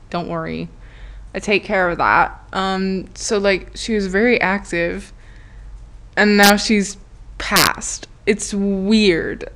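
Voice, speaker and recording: A woman's voice: medium pitch, a bit bright. A woman hosting a podcast, telling a story in a chatty, giggly way, full of "like" and acted-out quotes. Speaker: podcast host. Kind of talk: casual storytelling monologue.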